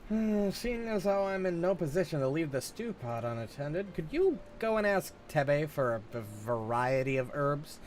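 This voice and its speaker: A man's voice: fairly high pitch, big pitch swings, normal speed, hardly any pauses, a little mellow, a little hiss or hum, pitched above the performer's own voice. A man reading game dialogue aloud, voicing a humble camp cook in an easygoing, chatty way.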